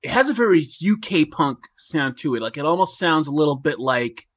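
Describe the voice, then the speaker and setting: A man's voice: on the high side, lively intonation, fairly quick, a bit bright, dry recording. A man talking as a podcast guest in casual chat, rambling with many fillers and restarts.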